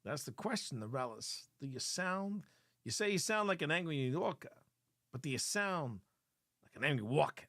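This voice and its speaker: A man's voice: on the high side, big pitch swings, moderate pace, fairly bright tone, dry recording, studio quality. A man hosting a live paranormal show, reviewing footage with playful, chatty commentary and an easy laugh.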